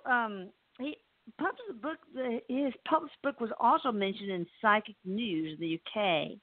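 A woman's voice: mid-range voice, no echo. A woman hosting a show, introducing her guest in a gushing, chatty and playful way. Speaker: show host. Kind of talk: enthusiastic casual introduction. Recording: dry, tinny phone-like line.

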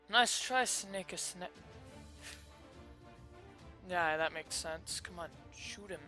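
A YouTuber giving chatty, rambling commentary over a pirate game, with sudden loud excited outbursts. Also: mid-range voice, unhurried, pauses often, faint music behind. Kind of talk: gameplay commentary.

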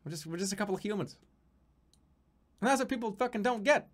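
A man's voice: sits high, lively intonation, fast. A man from the United States streaming live, chatting casually in a rambling, profane, joking way with many restarts.

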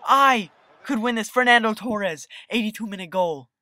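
A young gamer giving excitable gameplay commentary over a football video game, swinging between hype and annoyed rants. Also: mid-range voice, moderate pace, no echo. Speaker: gaming video host.

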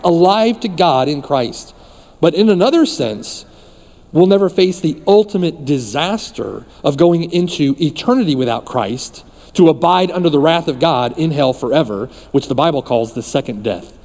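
Male pastor, high animated voice, mellow tone, emphatic repeated lines, church hall reverb. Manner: emphatic preaching with repeated phrases. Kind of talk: sermon.

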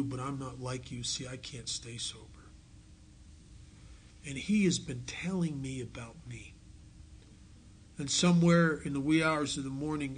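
A man's voice: on the high side, slight background noise. Earnest man telling his recovery story. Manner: earnest storytelling, drops to a hush on key lines. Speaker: AA speaker. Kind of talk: recovery talk to a meeting. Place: meeting hall.

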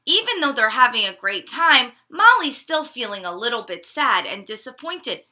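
A woman reading a picture book to children at home, pausing to ask them questions about feelings. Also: fairly high pitch. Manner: asks children questions, expressive. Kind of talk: children's story time read-aloud. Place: living room at home.

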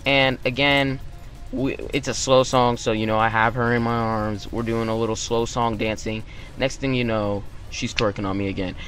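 A young man hosting his channel, telling a story-time tale in an animated way and acting out the quotes. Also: mid-range voice, normal speed, soft background music. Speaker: YouTube channel host.

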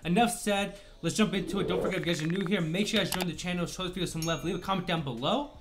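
A man's voice: high-pitched, very fast, background noise. A man hosting a gaming channel, talking through game cards in a chatty, upbeat way and apologizing for slips while he has the hiccups. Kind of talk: casual video game commentary.

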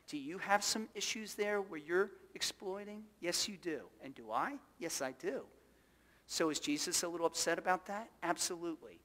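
A man's voice: sits high, lively intonation, normal speed, fairly bright tone, in a large hall. A male pastor delivering a sermon, emphatic and full of rhetorical questions to the congregation. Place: church sanctuary.

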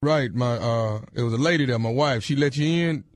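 A man doing a gruff homeowner with a deep, low-pitched voice. He halts over his words with many uhs. The voice sounds dry and close. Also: fairly quick, no echo, natural voice. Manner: hesitant, full of uhs. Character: gruff, upset male homeowner.

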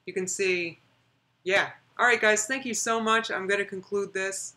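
A woman's voice: mid-range voice, fairly even intonation, moderate pace, bright, forceful tone. A young woman chatting casually on her live stream, rambling and reading out viewer comments.

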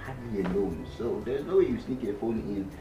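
An actor with a Nigerian accent playing an earnest young seminarian who calmly explains and gives advice. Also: male voice, on the low side, normal speed, noisy background, lightly acted. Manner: calm, explaining, gently lecturing. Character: earnest young male seminarian, patient and advising.

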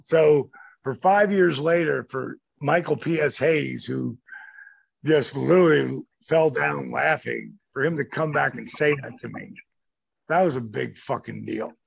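A gravelly, husky older man spins profane, animated stories as an interview guest and acts out everyone he quotes. His voice is dry and a bit dull. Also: medium pitch, unhurried, no echo. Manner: profane, animated storyteller acting out quoted friends. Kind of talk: casual storytelling.

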